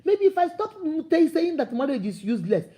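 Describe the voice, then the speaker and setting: A motivational speaker with a high, mellow, soft-edged voice talks at normal speed. Her delivery is preachy and animated, and she acts out the voices of imagined people to make her points.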